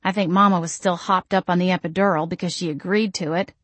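A woman's voice: on the low side, steady tone, fast, a bit bright, no echo. A woman voicing a tipsy, self-mocking young woman who babbles nervously in audiobook dialogue. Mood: babbling.

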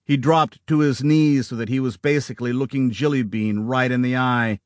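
A man narrating an audiobook in a steady, dramatic storytelling manner, close to the microphone. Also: mid-range voice, moderate pace, no room sound.

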